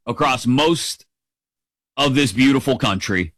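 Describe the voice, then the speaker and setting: A man's voice: medium pitch, lively intonation, normal speed, a bit bright, no room sound, poor audio. A middle-aged man hosting a sports talk radio show, upbeat and playful as he rambles through the day's news.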